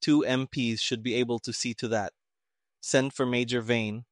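A man reading an audiobook, voicing a brusque, irritable army colonel who snaps crisp commands. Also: medium pitch, steady tone, normal speed, no echo, clean studio sound, lightly acted. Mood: impatient, commanding.

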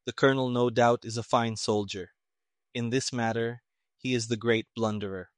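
A man voicing a calm, clever male investigator who speaks in a flat, toneless way, in an audiobook reading. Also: medium pitch, no echo, studio quality, close to an everyday voice. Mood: musing. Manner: flat, even, unhurried delivery.

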